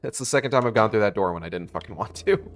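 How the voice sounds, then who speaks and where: A man's voice: on the low side, expressive, very fast, a little hiss or hum. Casual, cursing male game streamer. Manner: casual, profane, thinks aloud with fillers. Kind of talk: live gameplay commentary.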